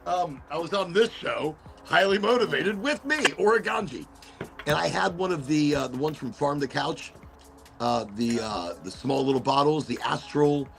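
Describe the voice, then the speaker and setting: A man's voice: a little high, moderate pace, creaky, music in the background. A man hosting a casual chat show, telling stories with lots of acted-out quotes. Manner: animated storyteller, acts out quotes. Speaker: host.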